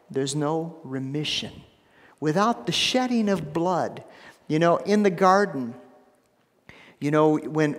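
A man preaching a sermon as pastor, emphatic, repeating phrases and dropping to a hushed low voice for stress. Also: big-room sound. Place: church sanctuary.

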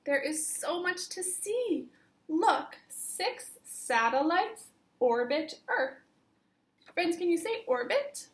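A woman teacher reading a picture book aloud to young children, counting along slowly in a sing-song voice. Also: extremely high pitch, very animated.

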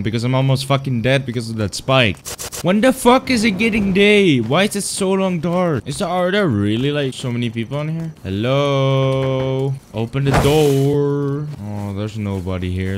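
A young man giving casual game commentary, excitable and swearing, breaking into sudden yells. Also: mid-range voice, slight background noise. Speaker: gaming YouTuber.

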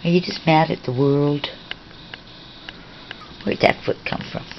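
Low slow lady teasing her birds on a camera mic, dull lo-fi home video with noise. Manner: chatty, teasing, talks to animals in a sing-song way. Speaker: pet owner filming her birds. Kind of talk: casual talk to pets while filming.

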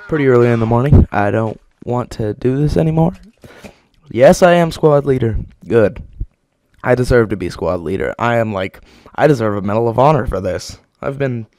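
A man giving joking commentary over his own gameplay, mostly deadpan and mock-serious, with sudden excited outbursts. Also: mid-range voice, no echo. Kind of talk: joking live game commentary. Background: game gunfire and explosions.

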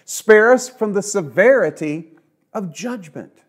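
A middle-aged man preaching a sermon as pastor, moving from emphatic, repeated phrases to soft, hushed passages. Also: high voice, animated, slow pace, husky.

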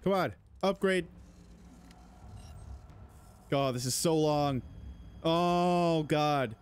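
A man's voice: fairly high pitch, extremely slow, long pauses, smooth. A male gaming host giving let's-play commentary, panicky and jittery, talking to the enemies on screen as he plays. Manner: jittery, panicky running reactions.

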